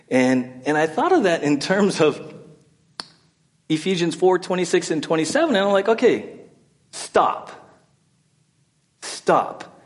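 Higher-voiced man preaching conversationally. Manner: conversational preaching, repeats "right?" often. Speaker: pastor. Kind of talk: sermon.

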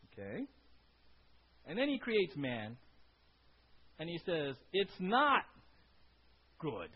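Husky high-voiced preacher. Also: male voice, huge pitch swings, slow pace, long pauses. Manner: conversational preaching, frequent "right?" tag questions. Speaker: pastor. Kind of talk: sermon. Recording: dull lo-fi sound.

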